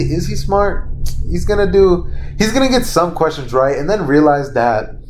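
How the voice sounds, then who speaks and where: A man's voice: a little high, darkish tone, a little hiss or hum. A young man casually retelling a made-up fan story, rambling, stopping to recall names and correcting himself, swearing freely. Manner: laughs at his own slips, swears casually.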